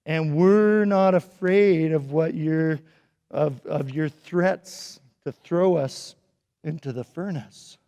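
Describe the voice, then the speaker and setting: A man voicing faithful young men who calmly and firmly refuse a king. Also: takes it slowly, lo-fi sound. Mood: steady. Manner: low, calm, firm. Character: calm faithful young men, steady and brave. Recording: echoey hall.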